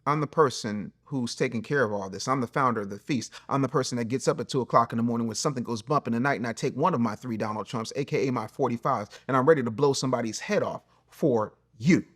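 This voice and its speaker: A middle-aged man hosting a solo advice show, blunt and preachy, swinging between loud jabs and low, quiet asides. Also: fast, few pauses. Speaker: host and relationship coach. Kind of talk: solo advice monologue to camera.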